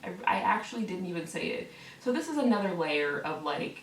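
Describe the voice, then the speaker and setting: A woman's voice: lowish voice, sing-song, a little fast, slight background noise. A woman ranting to camera in a vlog, heated and profane, hammering the same words again and again. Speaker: online video creator. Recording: roomy echo, voice from a distance from the mic.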